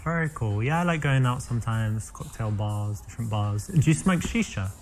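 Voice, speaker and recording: A man from England with a British accent talks in a mid-pitched, easygoing voice. He chats and flirts casually, then turns to give dating advice, leaning on relaxed filler phrases. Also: normal speed. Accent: British English. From England, born in London. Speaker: dating coach in a video game. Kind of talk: chatty flirting and advice to camera.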